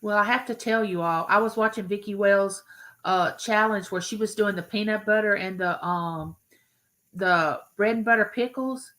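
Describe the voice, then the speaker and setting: Bright-voiced woman chatting live. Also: medium pitch, moderate pace, poor audio. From Mississippi. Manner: friendly, greets viewers by name, rambling. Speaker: live-stream host. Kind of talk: chatty live-stream greeting viewers.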